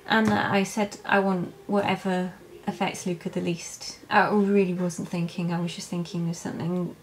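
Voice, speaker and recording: A woman's voice: lowish voice, level tone, background noise. Emotional woman telling her birth story. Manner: emotional, halting with many fillers and restarts. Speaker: vlogger. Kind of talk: personal birth story, casual.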